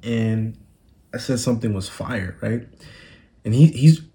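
A man's voice: lowish voice, a little slow, dark tone. Laid-back young man rambling on a phone. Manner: laid-back, rambling slang-heavy storytelling. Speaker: podcast host. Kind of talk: casual solo monologue. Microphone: phone recording.

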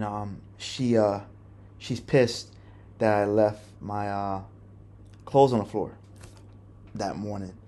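A man's voice: on the low side, warm tone. Man, young adult, podcast host, personal monologue, profane, candid, rambling.

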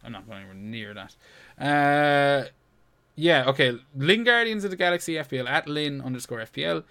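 A man's voice: on the high side, expressive, brisk, bright, forceful tone. A man co-hosting a casual podcast chat, reading out listener questions, joking and swearing freely. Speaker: podcast co-host.

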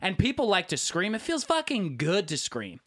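A man in his thirties chatting casually as a podcast co-host, an animated storyteller who swears freely and acts out quotes. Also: high-pitched, moderate pace. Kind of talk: casual chat.

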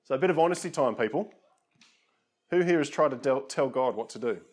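A male preacher talking in a relaxed, conversational way rather than a formal pulpit tone. He jokes at his own expense and keeps turning to his listeners with asides. His pitch sits in an ordinary middle range. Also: a little fast. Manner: casual, self-deprecating, lots of asides to listeners. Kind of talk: conversational sermon.

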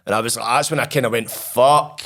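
A man's voice: mid-range voice, very fast, bright, forceful tone. A Scottish man telling his own story as an interview guest, blunt and profane, acting out old conversations.

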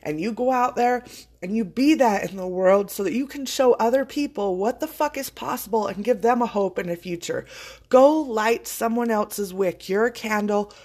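A woman's voice: on the high side, moderate pace, darkish tone. Earnest woman podcaster, heartfelt and casual. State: choking up with emotion. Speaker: podcast host. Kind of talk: casual motivational monologue.

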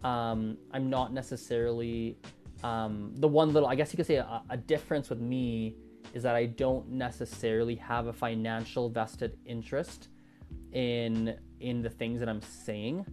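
A man's voice: medium pitch, steady tone, moderate pace, darkish tone, soft background music. A man talking through his views on language learning in a loose, thinking-aloud monologue full of restarts and fillers. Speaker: language-learning content creator. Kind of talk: casual monologue.

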